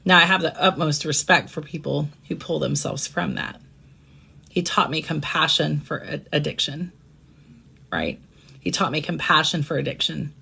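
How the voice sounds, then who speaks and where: Hosting a personal live stream, a woman speaks at normal speed in a deep, gravelly voice with a breathy edge. Her manner is gentle and reflective, and she frequently asks listeners "right?".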